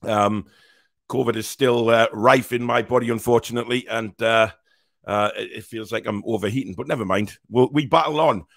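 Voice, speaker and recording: A man with a hoarse, croaky voice hosting a live football watch-along, talking in halting, repetitive, exasperated bursts. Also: medium pitch, a bit bright, no room sound, studio quality. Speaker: host.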